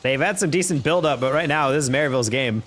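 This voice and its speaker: A young man from New York casting a live esports match, calling plays quickly and chatting with his stream viewers in between. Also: mid-range voice. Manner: rapid play-by-play that jumps up in excitement, chatting with viewers between plays. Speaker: esports caster. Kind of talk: live-streamed play-by-play commentary with chat.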